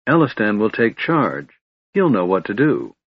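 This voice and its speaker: A man narrating a fantasy audiobook in a steady, even storytelling manner. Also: on the low side, moderate pace, slightly rough, no room sound. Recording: dull dry recording.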